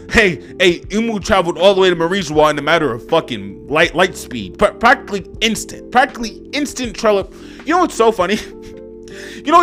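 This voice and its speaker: A man's voice: fairly high pitch, a bit bright. A young man casually reviewing a manga chapter, rambling and profane with lots of fillers and slang.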